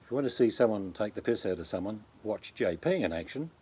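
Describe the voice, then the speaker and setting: A man's voice: fairly low pitch, expressive, quick pace, dark tone, breathy edge. An Australian man chatting casually on a livestream, rambling and blunt, talking to viewers by name. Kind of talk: casual chat.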